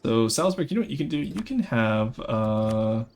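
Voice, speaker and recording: Lively young man streaming a game. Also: mid-range voice, normal speed, a little hiss or hum. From rural Canada. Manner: lively, chats with viewers while playing. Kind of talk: live gameplay commentary.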